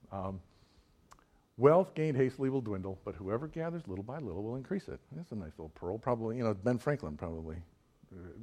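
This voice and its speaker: A man preaching a sermon in a relaxed, conversational way, often asking his listeners direct questions. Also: on the low side.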